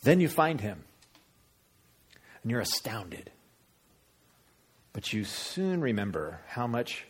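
A man preaching a sermon, animated and storytelling, acting out voices with big jumps in pitch. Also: breathy edge. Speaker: pastor.

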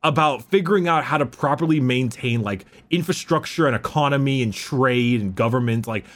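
A man's voice: mid-range voice, brisk. A man hosting a casual podcast chat, rambling through lore explanations with fillers, restarts and casual swearing.

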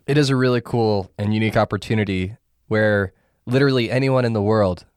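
A man hosting a podcast asks his questions at a steady, considered pace. His voice sits a little low, and the recording is dry and close, with no room around it. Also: fairly quick, smooth, dry recording. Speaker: podcast host. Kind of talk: casual interview questions.

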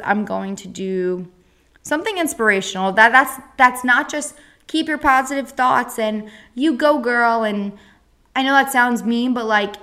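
A young woman hosting a podcast, telling a personal story in a blunt, casual way with a lot of swearing. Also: fairly high pitch. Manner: blunt, frequent swearing, animated retelling. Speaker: podcast host.

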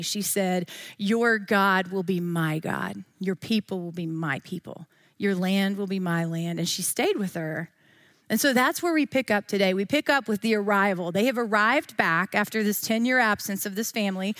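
A woman's voice: mid-range voice, a bit bright, no room sound. Woman in her 40s, Bible study teacher, chatty and playful, dry close sound. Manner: chatty and playful, with frequent asides.

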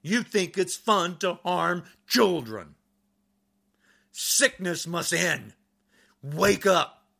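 A man's voice: sits high, lively intonation, extremely slow, creaky, pauses often. A man delivering an angry political rant to camera, agitated and repeating insults as he talks. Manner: furious, repetitive, shouting insults. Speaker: podcaster.

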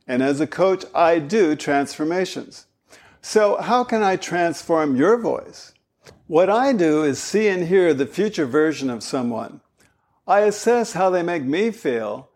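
A man giving a spoken lesson as a voice coach, animated and demonstrative. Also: on the high side. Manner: animated, demonstrating vocal styles.

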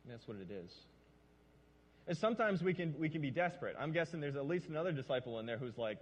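A male pastor preaching a lively sermon and acting out lines. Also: a little high, fast. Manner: animated, acts out lines. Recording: long reverb of a large hall.

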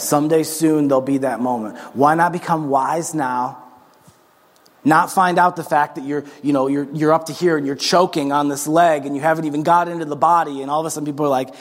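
A man's voice: a little high, fairly quick. A man preaching a sermon as pastor, earnest and urging, speaking straight to his congregation in a large church. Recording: long hall reverb.

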